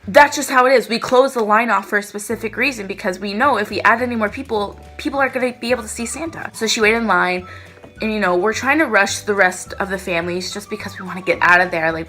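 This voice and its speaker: Bright-voiced young woman telling a story. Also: mid-range voice, fast talker, soft background music. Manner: animated, dramatic retelling. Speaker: vlogger. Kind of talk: storytime vlog.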